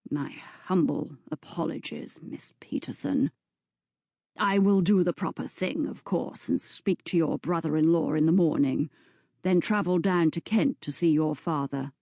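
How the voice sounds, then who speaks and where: A woman's voice: low voice, vocal fry, a little mellow, dry recording, clean studio sound, heavily acted. Woman doing a hissing villainous viscount. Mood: menacing. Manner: slow, hissing, often half-whispered threats. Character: menacing hot-tempered male viscount villain.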